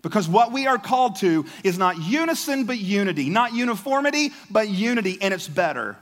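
A man with a notably high voice delivers a sermon from the pulpit, talking to the congregation in a loose, animated, conversational way and often repeating himself as he builds a point. His voice rings out with a long reverb tail, as in a large church hall. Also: fairly quick. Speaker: pastor.

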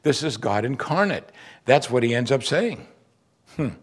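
A man preaching a sermon, teaching through a Bible passage with lively asides and questions to the audience. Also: medium pitch, measured pace, breathy edge.

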